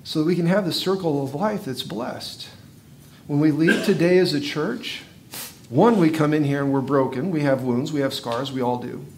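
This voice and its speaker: A man's voice: fairly high pitch, normal speed, slight background noise. Man preaching a vivid storytelling sermon. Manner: vivid storytelling that swings from hushed to loud and intense. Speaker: pastor.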